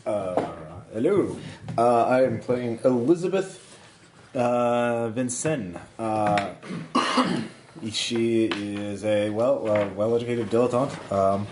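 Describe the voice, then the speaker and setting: A man's voice: medium pitch, slow. A man playing a tabletop game, speaking hesitantly with many fillers. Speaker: player. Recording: echoey room, clear background noise.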